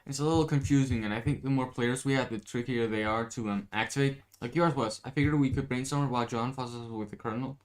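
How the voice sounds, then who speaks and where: A man voicing an impatient, chatty teenage girl who talks in a hurried, insistent way, reading a comic aloud. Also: medium pitch, lightly acted.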